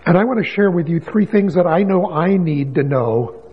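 Man, pastor, sermon, storytelling, emphatic questions, husky, long church reverb, muffled lo-fi. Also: sits high, lively intonation, moderate pace. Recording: dull lo-fi sound with long hall reverb.

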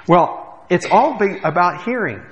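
A man's voice: high-pitched, expressive, a little slow, big-room sound, highs cut off. A man who is a pastor, giving a sermon in a church with conversational asides and frequent "uh" fillers. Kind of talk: sermon with scripture reading. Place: church sanctuary.

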